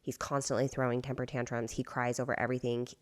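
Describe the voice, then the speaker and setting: A woman in her thirties with a notably low voice chats on a podcast. She tells a family story candidly, rambling along with plenty of fillers. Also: little pitch movement, quick pace. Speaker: podcast co-host. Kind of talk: casual storytelling chat.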